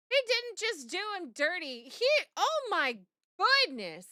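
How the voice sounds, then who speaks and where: A woman's voice: extremely high pitch, very animated, takes it slowly, bright, forceful tone, dry recording, studio quality. A woman streaming live, reacting aloud with lots of exclaiming and swearing and talking to her chat.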